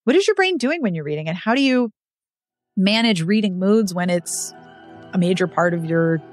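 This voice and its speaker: A woman's voice: on the low side, moderate pace, faint music behind. A woman hosting a podcast, talking casually and emphatically about books and reading. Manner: emphatic, animated storytelling. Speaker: podcast host. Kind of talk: casual chat.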